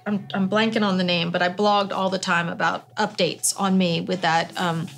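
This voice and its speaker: A woman's voice: on the low side, flat delivery, moderate pace, soft background music. A middle-aged woman, talking casually in an interview, rambling with many restarts.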